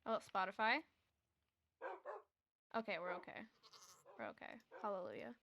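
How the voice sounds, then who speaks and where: A woman's voice: mid-range voice, vocal fry, background noise. A young woman streaming a game, chatting casually and laughing often. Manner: chatty, excitable, quick to laugh. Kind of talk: casual gaming stream chat.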